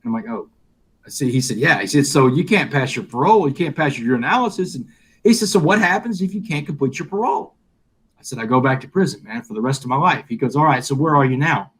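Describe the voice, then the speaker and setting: A man's voice: mid-range voice, fast talker, husky. A middle-aged man, a guest in a live interview, telling a personal story and acting out the dialogue. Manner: animated storyteller, acts out quoted dialogue.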